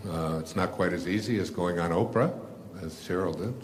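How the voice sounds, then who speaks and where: Older guy with a really low voice rambling thru a story to a crowd, lots of ums, chuckles at himself. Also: moderate pace. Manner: rambling with many fillers and restarts, laughs at himself. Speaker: speaker telling his story to an audience. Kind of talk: casual storytelling talk. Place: before a live audience.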